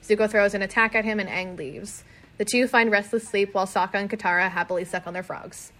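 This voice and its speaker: A woman co-hosting a podcast, casually recapping episodes and acting out characters in quick asides, swearing now and then. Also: mid-range voice, fairly even intonation, a bit bright. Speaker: podcast co-host.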